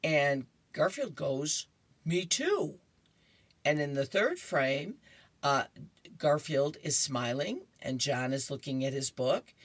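Husky, deep-voiced woman radio reader. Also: animated, slow pace, no room sound. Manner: chatty, laughing asides between panels. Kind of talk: reading newspaper comics on the radio.

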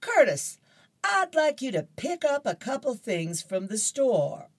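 Woman reads bossy cartoon mother, raised pitch, firm. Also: very animated, measured pace, breathy edge, dry recording, heavily acted. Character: bossy comic-strip mom.

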